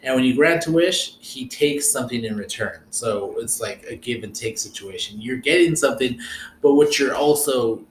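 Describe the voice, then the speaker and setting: A man's voice: mid-range voice, normal speed. A man co-hosting a casual podcast chat, rambling loosely and swearing freely as he recaps the story. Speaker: podcast co-host. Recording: roomy echo with faint noise.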